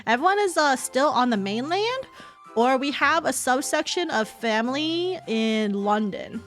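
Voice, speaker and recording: Young adult woman, high voice, casual streaming chat, laughs a lot, swears, faint background music. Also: animated, measured pace, a bit bright. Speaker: VTuber streamer. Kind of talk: casual chat with viewers while reading chat.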